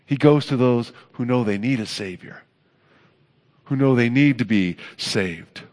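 A man preaching a sermon as pastor, earnest, building to emphatic peaks and then dropping soft. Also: medium pitch, a little slow.

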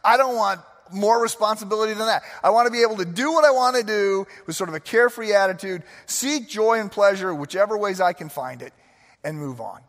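A man's voice: high-pitched, a bit bright. A man preaching a sermon, earnest and conversational, telling stories with frequent restarts. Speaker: pastor. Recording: long hall reverb.

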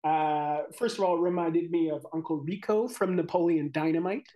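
Easygoing man, podcast co-host, joking tone, voice sits a bit high. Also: fairly even intonation, moderate pace, mellow. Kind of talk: casual chat.

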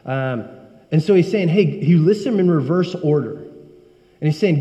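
A man's voice: on the high side, animated, normal speed, dark tone. A man preaching a sermon in an earnest, emphatic way. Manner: earnest, emphatic, rising when he voices prayers. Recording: dull recording with long hall reverb.

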